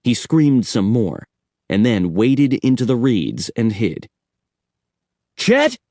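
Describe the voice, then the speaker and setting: A man narrating a horror audiobook in a measured storytelling manner. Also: on the low side, animated, mellow, no echo, clean studio sound.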